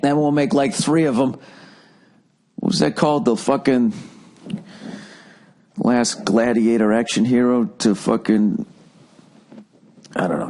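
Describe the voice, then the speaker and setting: A man's voice: lowish voice, darkish tone. A man in his forties with a Boston accent, ranting profanely through a casual solo monologue as podcast host.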